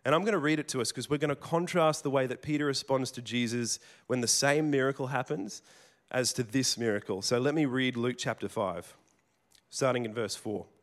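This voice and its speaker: A man's voice: medium pitch, brisk. A man preaching a sermon in a conversational storytelling way, with casual restarts and asides. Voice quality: plain working tradesman's speech.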